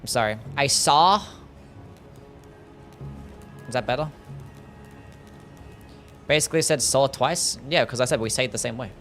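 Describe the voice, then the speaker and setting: A man's voice: medium pitch, brisk, pauses often, a bit bright, faint music behind. A man with an Australian accent, chatting casually to his viewers while streaming a game, joking and swearing freely. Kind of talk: casual gaming livestream chat.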